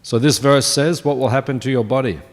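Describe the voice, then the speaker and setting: With a mid-range voice at a slightly fast pace, a man in his fifties leads a morning scripture class in a temple. His style is loose and conversational, and he keeps putting questions to listeners; the recording carries long hall reverb.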